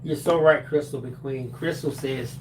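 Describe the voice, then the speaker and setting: Brief: playful co-host, mid-pitched, reads chat aloud, faint noise behind. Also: steady tone, unhurried, a little mellow. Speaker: co-host reading viewer comments. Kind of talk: casual live-stream chat.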